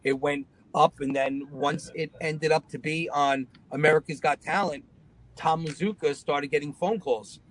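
A lively man tells his story as a guest, and his voice sits a bit high for a man. He jumps into other people's voices as he goes, keeping the telling loose and casual. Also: normal speed, low-quality recording. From Long Island, New York.

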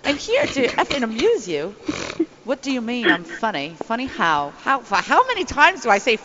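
A woman's voice: on the high side, wildly swooping pitch, moderate pace, fairly bright tone, in a large hall, highs cut off, slight background noise. A woman voicing a touchy, mock-offended male gangster in a shifting put-on British accent with hints of Cockney. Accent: mixed put-on British, a bit Cockney.

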